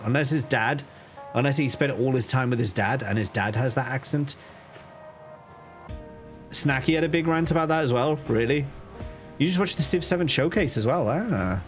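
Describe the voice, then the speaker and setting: A man with a faded Liverpool accent streams a game in casual, mid-pitched commentary. He thinks aloud and often restarts his sentences. Faint game music plays underneath. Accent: softened Liverpool. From Liverpool, England.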